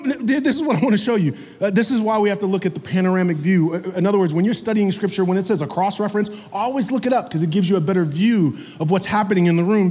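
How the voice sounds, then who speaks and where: A man preaching a sermon as pastor, animated and calling out to the congregation for amens. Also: high voice, in a large hall. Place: church sanctuary.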